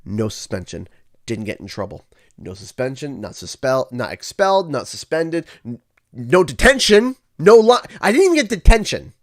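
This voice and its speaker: A man from Canada hosting a livestream, telling a school story in a casual, animated way. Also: mid-range voice, normal speed. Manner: animated, acts out quoted voices. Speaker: livestream host.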